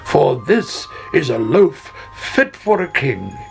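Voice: mid-range voice, sing-song, takes it slowly, gravelly, full character voice. A storyteller voicing a proud, commanding old king who proclaims his orders, for a storybook reading with music behind. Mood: proclaiming.

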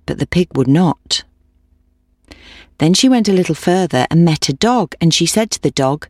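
Lively low-voiced woman telling a folk tale. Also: normal speed, husky, no echo, studio quality. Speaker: narrator. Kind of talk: storybook narration.

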